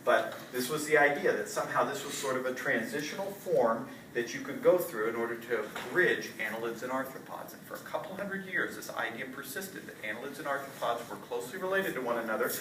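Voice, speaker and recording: A man's voice: medium pitch, expressive, fairly quick, few pauses. A man giving a casual college zoology lecture, quizzing students and often checking with "right?". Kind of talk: classroom lecture. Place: lecture hall. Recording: roomy lecture hall from far off, light noise.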